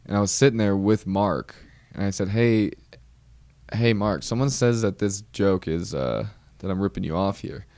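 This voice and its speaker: A man's voice: fairly low pitch, normal speed, darkish tone, no echo. A comedian hosting his podcast, telling a story in a wry, rambling way and often breaking off mid-sentence. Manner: rambling, self-interrupting, wry. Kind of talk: casual storytelling monologue.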